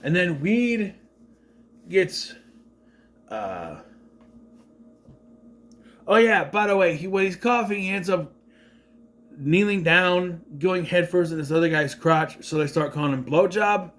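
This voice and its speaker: A man delivers an exasperated, casual movie review, swearing freely as he goes. His voice sits high and stays animated, rising and falling a lot. He sounds fed up. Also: takes it slowly, pauses often.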